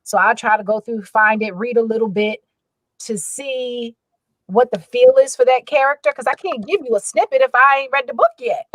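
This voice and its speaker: A woman audiobook narrator in a casual panel chat, animated and quick to act out her own reactions. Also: fairly high pitch, no room sound, rough recording. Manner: animated, quotes her own thoughts aloud.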